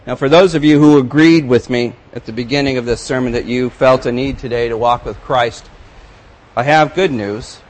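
A male pastor preaching a sermon, reading scripture aloud with rising emphasis and then commenting in a quieter, conversational tone. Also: medium pitch, normal speed, poor audio.

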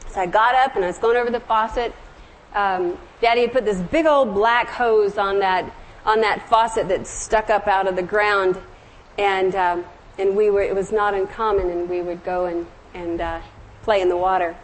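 A middle-aged woman from the American South preaching a sermon, telling stories gently and slowing down on scripture and hymn lines. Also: medium pitch, steady tone, a little hiss or hum, low-quality recording. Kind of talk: sermon with storytelling.

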